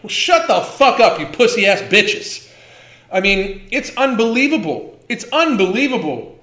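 A man's voice: sits high, sing-song, measured pace, sharp tone, reverberant. A man in his fifties hosting a livestream, ranting with heavy swearing and emphatic repetition. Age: 50s. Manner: profane, heated, emphatic repetition. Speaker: host.

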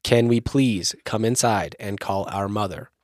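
A man's voice: fairly low pitch, measured pace, no echo, studio quality, close to an everyday voice. A man reading a politely pleading eerie girl.

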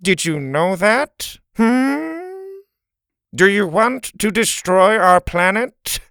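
A man's voice: high voice, expressive, takes it slowly, a bit bright, smooth, no echo, studio quality, voice pushed up, heavily acted. A man doing a nasal, stern alien principal. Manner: cold, commanding.

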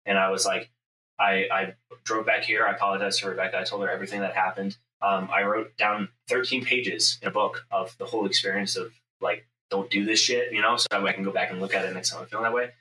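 A man's voice: low-pitched, steady tone, fast talker, bright, forceful tone. A man telling a story in casual podcast chat, intense and profane, acting out his own inner voice. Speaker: podcast host, business owner. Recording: echoey room, mic at a distance, faint ambient noise.

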